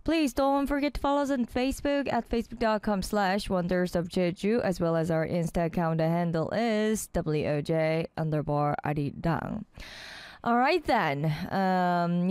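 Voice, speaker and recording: A woman's voice: mid-range voice, darkish tone, clean tone, dry recording, studio quality. A woman hosting a radio show, chatting casually and cheerfully and laughing often. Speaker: radio host. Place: radio studio.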